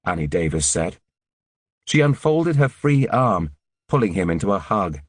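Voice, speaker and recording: A man narrating an audiobook in a measured, sombre reading. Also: low-pitched, sing-song, no echo, clean studio sound. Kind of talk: scripted narration.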